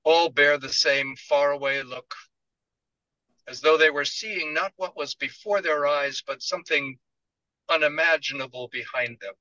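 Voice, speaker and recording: Bright-voiced man reading a novel aloud. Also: a little high, dry recording, highs cut off. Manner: measured, literary storytelling. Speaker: author reading his novel. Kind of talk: scripted first-person narration.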